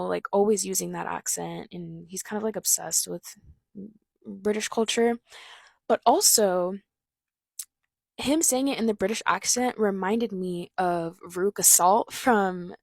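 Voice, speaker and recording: A woman's voice: mid-range voice, no room sound. A woman hosting a casual video, explaining song lyrics in a loose, chatty way full of "like" and "um". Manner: reads out quoted lines between her own explanations. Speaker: host breaking down rap lyrics. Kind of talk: casual commentary.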